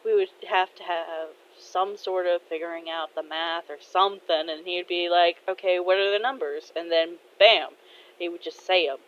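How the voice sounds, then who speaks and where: A woman voicing a gentle, goofy middle-aged father who speaks softly and reflectively. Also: on the low side, fairly even intonation, normal speed, lightly acted. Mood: cheerful. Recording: dull lo-fi audio with faint noise.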